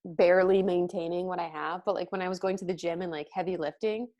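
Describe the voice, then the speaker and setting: A woman's voice: fairly low pitch, fairly even intonation, quick pace, warm tone. A young woman in her twenties co-hosting a casual mukbang chat, filling her talk with "like" and chewing as she speaks. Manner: chatty, lots of "like", talks while chewing. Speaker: mukbang co-host. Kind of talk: casual chat while eating.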